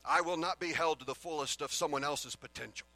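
A middle-aged pastor preaches a sermon, alternating loud, emphatic declarations with quiet, earnest asides. His voice is a little high and fairly quick, with no echo but poor audio quality.

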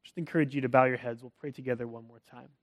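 A man's voice: mid-range voice, fairly even intonation, racing. A man with a Canadian accent, preaching a sermon to his congregation in an earnest, conversational way. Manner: conversational, earnest storytelling with light laughs. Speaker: pastor.

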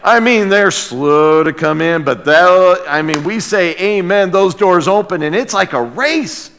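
A man's voice: sits high, a little slow, a bit bright, a little hiss or hum. A man preaching a sermon to his congregation, conversational and humorous, often repeating words as he restarts. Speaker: pastor. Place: church sanctuary. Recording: long church hall reverb.

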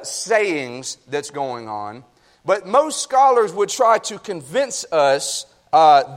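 A man preaching a sermon as pastor, reading scripture and praying, folksy and addressing the congregation directly. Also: high voice. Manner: folksy, talks to the congregation with "y'all". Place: church sanctuary.

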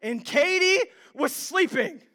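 Young male pastor, very high voice, bright and forceful, animated storytelling. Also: slow. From Ohio. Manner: animated storytelling, self-deprecating humor. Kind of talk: sermon.

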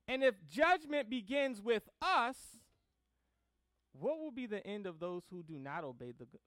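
A man delivering a sermon in a high, smooth, resonant voice. He reads scripture in slow, measured phrases, then builds to emphatic preaching with casual asides. The sound is dry and close. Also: a bit bright, dry recording. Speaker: pastor.

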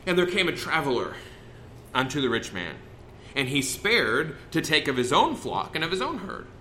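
A man preaches a sermon in a folksy, conversational way, often breaking off and restarting his sentences. His fairly high voice swings widely in pitch at normal speed, sounding pushed and bright, with a little hiss or hum.

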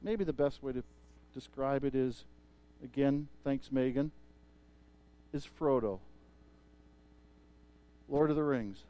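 A male pastor preaching a sermon and retelling a story in a lively way, with frequent restarts. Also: medium pitch, slow, pauses often.

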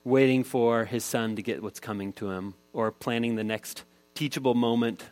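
A man's voice: medium pitch, fairly even intonation, moderate pace, darkish tone. A man in his thirties preaching a sermon, telling a family story in a casual, conversational way. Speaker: pastor.

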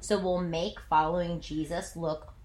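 A woman pastor telling a personal story during a sermon, animated and self-mocking, with lots of "like". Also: lowish voice, measured pace. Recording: echoey room.

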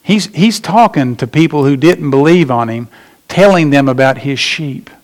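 A man preaching a sermon as pastor, emphatic, slowing down and rising in pitch to stress his points. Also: lively intonation.

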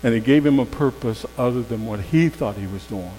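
A man preaching a sermon in a conversational storytelling way, swinging from loud emphasis to hushed tones. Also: mid-range voice, fairly quick. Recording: long hall reverb with faint mains hum.

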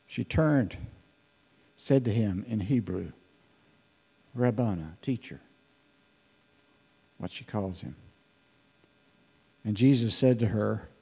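A man preaching a sermon in a conversational, animated way, acting out the voices in the scripture he reads. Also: medium pitch, slightly rough, big-room sound. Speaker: pastor.

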